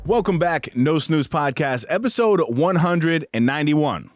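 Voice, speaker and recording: A young male podcast host speaks from a booth in a fairly high, animated voice, a little slow, with music playing behind him. He chats casually and upbeat, giving hyped shout-outs and using lots of fillers and restarts.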